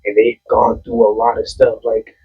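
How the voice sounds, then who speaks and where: A man's voice: on the low side, monotone, normal speed, breathy edge, narrow, tinny audio. A young man on a casual podcast, sharing reflective thoughts about people who hurt others. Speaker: podcast co-host.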